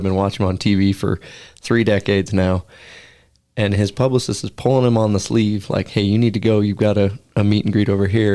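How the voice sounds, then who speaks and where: A man co-hosting a radio talk show, chatty and relaxed as he tells a personal story. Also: fairly low pitch. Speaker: co-host. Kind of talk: casual radio chat.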